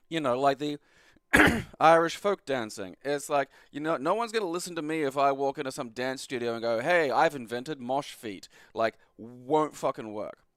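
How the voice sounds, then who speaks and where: An Australian man at an ordinary middle pitch gives loose, rambling gameplay commentary, full of swearing and sarcastic asides. He sits close to the mic in a dead, dry space with no room sound. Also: animated, normal speed, a bit bright, clear, resonant tone, no room sound. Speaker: retro game reviewer.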